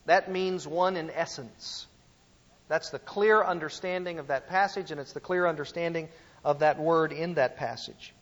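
A man's voice: fairly high pitch, moderate pace, in a large hall, highs cut off. A man preaching a teaching sermon, emphatic, asking his listeners rhetorical questions. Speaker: pastor teaching a series.

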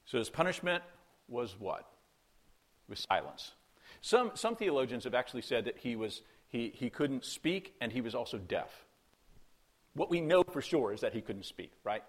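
A man's voice: medium pitch, sing-song, normal speed. Male pastor, conversational sermon delivery, rhetorical questions, dramatized quotes.

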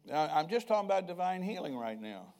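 A man's voice: high-pitched, big pitch swings, fairly quick, a little mellow. Older man preaching a conversational sermon. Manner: preacherly, conversational, asks the congregation questions. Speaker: pastor.

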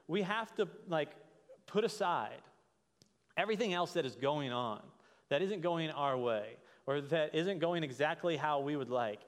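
A pastor preaching a sermon in a conversational way, often checking in with "right?". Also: male voice, on the high side, unhurried. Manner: conversational, frequent "right?" tag questions. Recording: reverberant hall.

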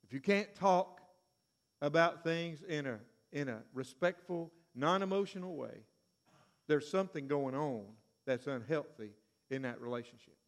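A man preaching a sermon, retelling a story with animated, sudden shouts and acted-out voices. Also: on the high side, moderate pace.

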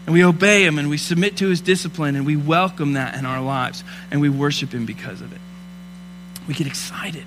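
A man in his thirties preaching a sermon, telling personal stories and rising from hushed asides to loud, fervent preaching. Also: fairly high pitch, a little fast, background noise. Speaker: pastor.

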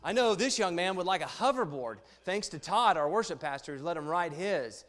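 A man preaching to a youth congregation in a lively, conversational way, asking the listeners questions and reading a story aloud. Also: sits high, a little fast. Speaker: pastor speaking to a youth congregation. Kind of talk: sermon with a read-aloud story. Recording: long reverb in a church hall.

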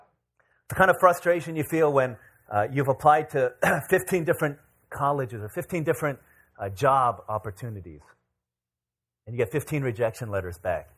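A man in his forties, a pastor, telling a story during a sermon with light humor and frequent fillers. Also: mid-range voice. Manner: storytelling, self-deprecating humor, many filler words.

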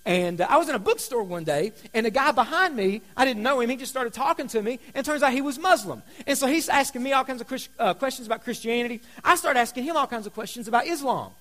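A man preaching a sermon, telling stories in a conversational way, going from loud emphasis to hushed asides. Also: extremely high pitch, expressive, fast talker, hardly any pauses. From Kentucky. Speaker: pastor.

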